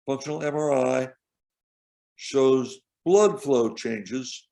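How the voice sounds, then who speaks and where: A man with a gravelly, slightly creaky voice talks through a lecture over a video call. His delivery is measured and explanatory, with pauses as he points out details on slides. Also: mid-range voice, mellow. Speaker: professor giving a lecture.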